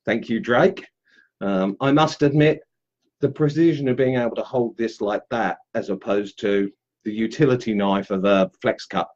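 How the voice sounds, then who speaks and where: A man's voice: lowish voice, moderate pace, darkish tone, muffled recording. A man demonstrating woodcarving on a live stream, chatting casually and greeting viewers as he works. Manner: chatty and upbeat, greets viewers while carving.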